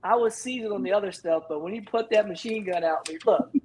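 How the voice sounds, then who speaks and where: A man's voice: high voice, quick pace, darkish tone, slight background noise, low-quality recording. A man telling a story in casual chat, emphatic and repeating his phrases as he acts out quotes. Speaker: guest.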